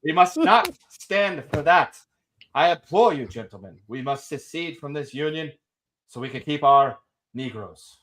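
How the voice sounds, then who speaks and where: Brief: man putting on a blustering Southern colonel, soft drawl, orating grandly. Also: on the high side, animated, unhurried, rough recording. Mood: pompous. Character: blustering Southern colonel, pompous old-fashioned orator.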